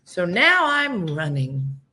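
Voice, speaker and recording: A woman with a bright, forceful voice spins a funny story as a talk-show guest. She talks casually and jumps into the voices of the people she quotes, keeping it lively. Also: fairly low pitch, takes it slowly. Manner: animated, acts out quoted people.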